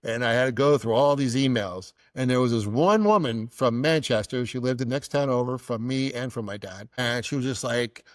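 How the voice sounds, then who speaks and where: Middle-aged guy on a podcast telling a funny family story, animated, dry close mic. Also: medium pitch, moderate pace, few pauses, no room sound. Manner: animated, acting out dialogue. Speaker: podcast host. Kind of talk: humorous personal storytelling.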